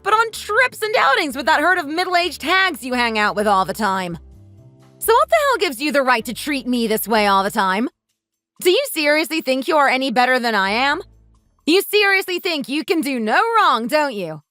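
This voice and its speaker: A woman's voice: high-pitched, pushed and bright, dry recording, heavily acted. A woman voicing a defiant young daughter-in-law in a texting story, firing back sarcastic, cutting comebacks.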